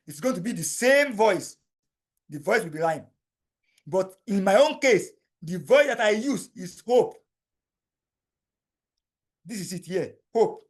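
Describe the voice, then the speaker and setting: Man explaining software steps, repeating himself. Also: high-pitched. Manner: repetitive, step-by-step explaining, addresses viewer directly. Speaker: tutorial instructor. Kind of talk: screen-recorded software tutorial.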